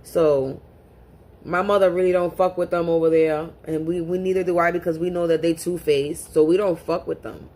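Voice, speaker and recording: A woman's voice: on the low side, fairly even intonation, moderate pace, darkish tone. A woman speaking to camera in a casual monologue as a spiritual reader, talking bluntly and profanely and often repeating words as she restarts.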